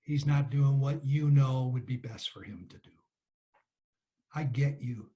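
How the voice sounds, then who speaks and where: Woman, leadership coach, webinar, video call, calm, gently playful. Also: rumbling low, a little slow, muffled recording.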